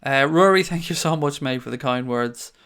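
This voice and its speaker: A man's voice: medium pitch, moderate pace, fairly bright tone, clean tone. A young man hosting a fan stream, reading the live chat aloud and answering viewers in a chatty, sweary way. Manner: chatty, swears freely, calls viewers mate.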